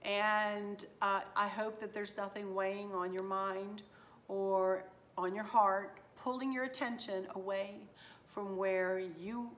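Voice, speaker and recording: A hoarse woman chatting casually to her viewers as a home decor vlogger, gushing and affectionate, rambling from one thought to the next. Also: mid-range voice, little pitch movement, slow, fairly bright tone.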